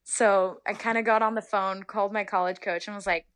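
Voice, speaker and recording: A woman's voice: mid-range voice, steady tone, a little fast, fairly bright tone, clear, resonant tone, no echo. Young norcal woman, chatty and giggly, lots of "like", dry close sound. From Northern California. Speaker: guest, soccer player. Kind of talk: casual interview storytelling.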